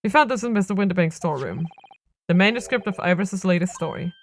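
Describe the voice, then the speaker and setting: A woman's voice: lowish voice, lively intonation, fast talker. A woman reading an earnest young lawyer. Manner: earnest, reasoning aloud. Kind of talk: voicing game dialogue on stream.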